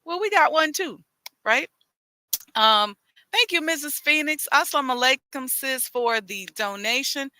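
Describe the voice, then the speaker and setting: A woman's voice: sits high, expressive, a little slow, pushed and bright, dry recording. A woman hosting a live talk outdoors, chatting in a folksy way with a Chicago accent, speaking into a headset mic. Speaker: host. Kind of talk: live-streamed casual talk.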